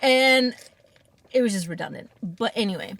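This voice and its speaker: A woman's voice: mid-range voice, lively intonation, moderate pace, creaky, background noise. A woman chatting casually on an eating show, telling rambling, giggly stories. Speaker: podcast co-host. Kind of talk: casual chat while eating.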